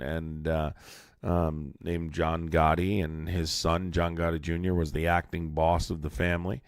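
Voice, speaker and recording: A hoarse man hosting a live stream, talking bluntly and with a lot of swearing. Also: deep voice, dry recording, studio quality. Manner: blunt and profane. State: hoarse, sore throat.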